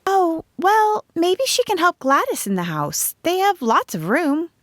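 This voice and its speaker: A woman voicing an excitable young schoolteacher, asking eager exclamatory questions. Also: extremely high pitch, measured pace, no room sound, studio quality, pitched above the performer's own voice, full character voice.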